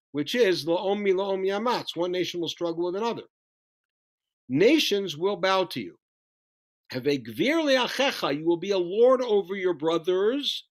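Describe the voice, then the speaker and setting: Animated man teaching Bible study. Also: high-pitched. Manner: animated storytelling, reads Hebrew verses then translates. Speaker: Torah teacher.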